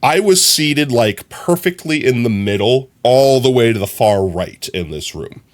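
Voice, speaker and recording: A man's voice: mid-range voice, unhurried. Young man rambling on a live stream. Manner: animated rambling storyteller, heavy on fillers. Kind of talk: casual stream chat. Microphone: streaming from a phone.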